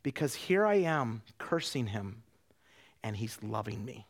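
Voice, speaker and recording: A middle-aged man, an itinerant preacher, giving an animated sermon that swings from quiet and tender to loud, with many restarts of his words. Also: on the low side, unhurried.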